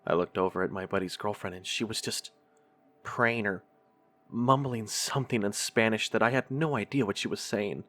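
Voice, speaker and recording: Low-voiced man narrating a horror story. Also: normal speed, a bit bright. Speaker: horror podcast host reading stories.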